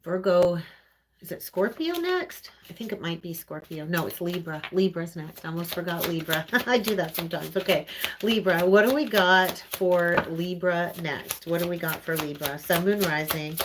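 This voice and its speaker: Canadian lady doing a live tarot reading, lowish voice, chatty and earnest. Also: fairly even intonation, moderate pace, background noise. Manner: earnest, conversational, often tags lines with "right?". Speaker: tarot reader.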